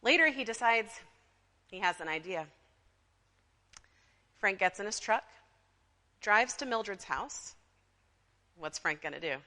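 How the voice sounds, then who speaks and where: Bright-voiced woman pastor preaching. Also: mid-range voice, lively intonation, measured pace, pauses often. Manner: conversational, with frequent asides to the congregation. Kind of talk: sermon with storytelling. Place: church sanctuary. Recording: long reverb of a church sanctuary.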